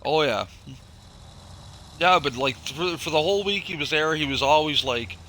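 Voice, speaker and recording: Bright-voiced man telling kitchen stories. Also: on the high side, moderate pace, slight background noise. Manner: rambling, profane anecdotes with acted quotes. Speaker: former chef telling stories. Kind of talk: casual storytelling chat.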